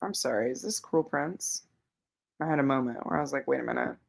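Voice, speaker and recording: A woman's voice: rumbling low, brisk, creaky, breathy edge. A woman hosting a casual livestream, rambling and thinking aloud with lots of fillers as she answers viewers. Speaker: livestream host reading viewer comments.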